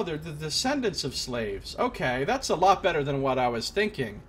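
A man's voice: a little high, sing-song, normal speed, hardly any pauses, a bit bright, a little hiss or hum. A man streaming a role-playing game, chatting casually with joking, self-deprecating asides. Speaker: let's play streamer.

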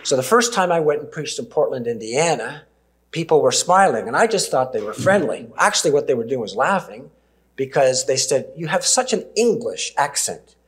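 A Canadian preacher in his sixties tells stories from the pulpit. His voice sits at a mid pitch. He pauses for emphasis and chuckles gently as he speaks. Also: lively intonation. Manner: warm storytelling with gentle laughs and emphatic pauses. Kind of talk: sermon with personal stories.

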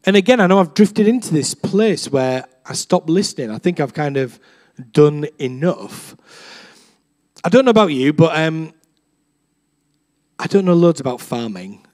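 A man's voice: a little high, very animated, measured pace, long pauses, a little mellow. A young man preaching a casual sermon, chatty and self-deprecating, acting out voices as he tells stories. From England. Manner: chatty, self-deprecating, acts out quoted voices with big swings.

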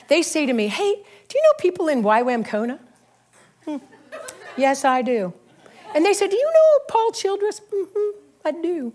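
Woman preacher, middle-aged, high and bouncy voice, animated storytelling sermon style. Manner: animated, storytelling, frequent laughs. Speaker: pastor.

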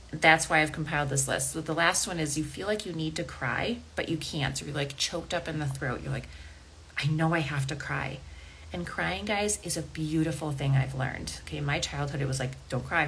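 A woman hosts a coaching podcast as a health coach, speaking casually and directly to listeners and often checking in with "okay?" and "right?". Her voice sits low with a fairly bright tone. The recording is rough, with a little hiss or hum.

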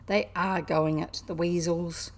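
A woman from New Zealand voicing a steady, commanding old male badger in a storybook reading. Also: medium pitch, normal speed, creaky. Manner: calm, commanding.

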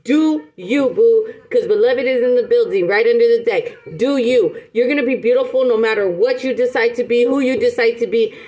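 A woman's voice: fairly high pitch, fairly quick, few pauses, darkish tone, low-quality recording. A woman giving a casual tarot reading to camera, rambling and emphatic, with many restarts and pet names for her listeners. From United States. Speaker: tarot reader.

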